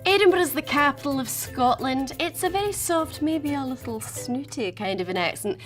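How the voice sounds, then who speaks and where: A woman's voice: sits high, animated, soft background music. A woman with a Received Pronunciation accent, hosting and chatting playfully about accents. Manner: chatty, playful, quick switches into character voices. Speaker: host. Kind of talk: presenting and demonstrating accents.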